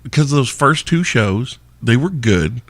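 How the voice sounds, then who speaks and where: A man hosting a podcast, telling band stories in casual chat, animated and swearing freely. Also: mid-range voice, a little slow, no room sound. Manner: animated, swears freely, acts out quotes loudly. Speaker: podcast host, former band singer.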